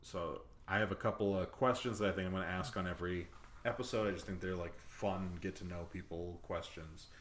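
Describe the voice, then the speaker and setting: A man's voice: low voice, a little fast, fairly bright tone, a little hiss or hum. A man hosting a podcast, talking in a rambling, self-deprecating way with lots of fillers. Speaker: podcast host. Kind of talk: casual chat.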